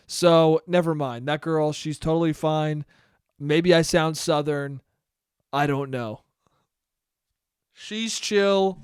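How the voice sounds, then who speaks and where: A man from New York talks through a solo podcast, rambling, cursing freely and poking fun at himself. His voice sits a bit high for a man and sounds smooth and clear. The recording is close and dry. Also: a little slow, no room sound. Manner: rambling, profane, self-mocking. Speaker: podcast host. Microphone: podcast mic.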